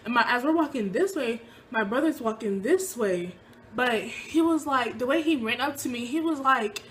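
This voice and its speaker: A young woman tells a personal story in a relaxed, chatty way. Her voice sits a little high, and she acts out the quoted lines with a lift in pitch and volume. A faint room hum sits under her voice. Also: measured pace. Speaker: vlogger. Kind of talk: casual storytelling.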